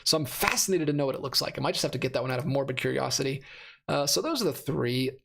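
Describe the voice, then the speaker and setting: A man's voice: mid-range voice, lively intonation, quick pace, vocal fry, fairly bright tone, slight background noise. A man in his thirties hosting a casual live stream, rambling and correcting himself as he reads out chat comments, his voice a little worn. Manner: rambling, self-correcting, laughs often. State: losing his voice. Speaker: host of a live stream about movie releases.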